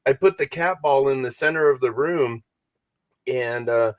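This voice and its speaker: A man with a mid-pitched voice talks in a relaxed podcast chat, pausing and restarting as he tells his story. The sound is close and dry. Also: dry recording. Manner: hesitant, lots of uh and restarts. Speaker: podcast co-host. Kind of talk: casual chat.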